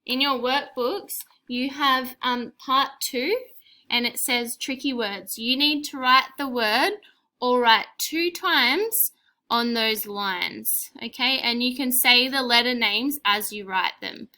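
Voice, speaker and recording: A young woman teaching spelling to small children, talking slowly and clearly. Her voice is bright and sits fairly high, full of praise and gentle prompts. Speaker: primary school teacher.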